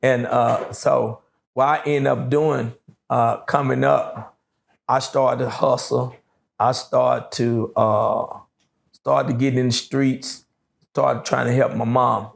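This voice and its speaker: A middle-aged man with a gravelly, fry-laden voice settles into a long story for an interviewer. He drawls through it at an easy pace, full of "uh"s and "you know what I'm saying". His pitch sits right in the middle for a man. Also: little pitch movement. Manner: slow, drawling storytelling with many fillers. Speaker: interview guest.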